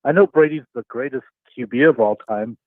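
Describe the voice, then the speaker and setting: A man's voice: medium pitch, brisk, no echo. Male caller on a tinny phone line. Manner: chatty, laughing, lots of fillers. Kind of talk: phone-in chat.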